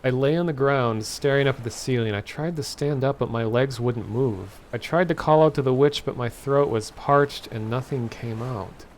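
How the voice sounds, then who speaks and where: A man's voice: medium pitch, a little hiss or hum. A man streaming live, reading a computer-generated story aloud with frequent stops and corrections. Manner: halting, stops and corrects himself mid-sentence.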